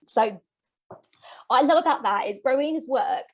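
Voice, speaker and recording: A woman's voice: sits high, animated, normal speed, pauses often. A woman business coach giving an earnest, motivational masterclass, getting emotional as she talks. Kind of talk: live masterclass presentation.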